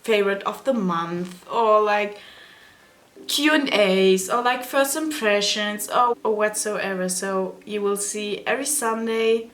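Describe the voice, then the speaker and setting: A woman's voice: medium pitch, a little slow, a bit bright. A young woman with a German accent, a native German speaker, chatting casually to her camera as a beauty vlogger, giggling, apologizing and searching for English words.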